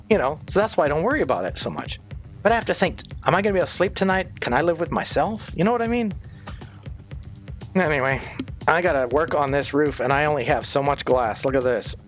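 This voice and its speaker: A middle-aged man chats through his livestream in a loose, rambling way, jumping into animated stories and swearing freely. His voice sits a bit on the high side. Soft game music plays faintly under him. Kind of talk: casual livestream chat while playing.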